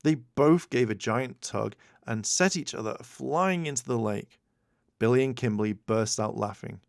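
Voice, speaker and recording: A man's voice: mid-range voice, moderate pace, gravelly, dry recording. A man narrating a children's storybook as an audiobook, reading expressively into a close mic. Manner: expressive read-aloud narration.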